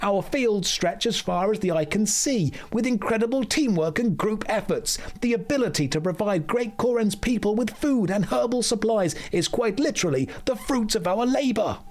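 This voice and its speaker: A man voicing a cheerful, squeaky male village shopkeeper, reading game dialogue in a bright, welcoming put-on voice. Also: lively intonation, moderate pace, few pauses. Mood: chirpy welcoming.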